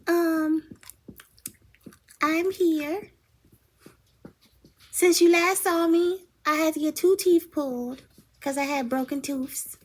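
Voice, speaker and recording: A woman voicing her small, chatty female pet dog in a high, cutesy baby-talk voice. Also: fairly even intonation, takes it slowly, long pauses. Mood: sweetly sorry.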